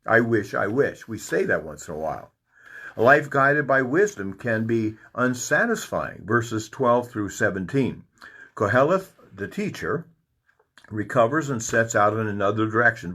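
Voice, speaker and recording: A man teaching a Bible study, reading verses and then commenting on them in an animated, lively way. His voice is husky, with a mid pitch that swings widely up and down. He keeps an informal, folksy manner. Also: moderate pace.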